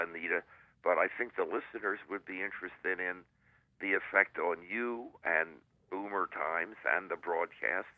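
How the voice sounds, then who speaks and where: An older man with a very low voice talks over a thin, tinny phone line. He rambles and stops himself often, padding the talk with fillers before landing on a corny joke. The line sounds dry and close. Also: dry recording. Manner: rambling, halting, with many fillers and jokes. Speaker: guest columnist. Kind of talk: casual radio chat over the phone. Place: at home in San Diego.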